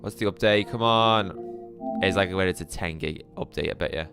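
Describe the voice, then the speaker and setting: A man's voice: low-pitched, moderate pace, over music. A man from Liverpool with a Scouse accent, chatting casually on a live gaming stream, answering viewers and swearing now and then. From Liverpool, England. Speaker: gaming livestreamer.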